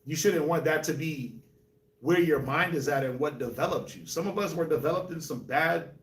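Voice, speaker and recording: A man from New York, Colorado and Jamaica, hosting a casual group discussion, telling animated stories with laughs. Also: fairly high pitch, normal speed. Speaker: host. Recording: echoey room, mic at a distance.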